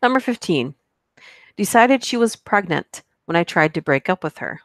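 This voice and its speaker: A woman's voice: on the low side, very animated, moderate pace, no room sound, studio quality. A woman reading stories aloud on a live stream, breaking off for casual, chatty asides to her viewers. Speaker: YouTube horror story narrator.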